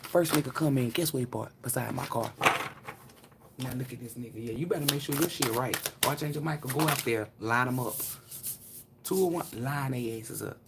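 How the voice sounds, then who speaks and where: A woman's voice: very deep voice, brisk, heavy background noise. A woman giving a casual tarot reading on a live stream. She is blunt, chatty and profane, and talks straight to her viewers. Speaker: tarot reader.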